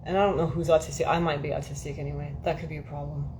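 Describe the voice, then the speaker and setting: A woman with a low, flat voice races through a rambling, casual livestream chat from her air-conditioned home. Swearing freely, she frequently laughs at herself while background noise runs underneath.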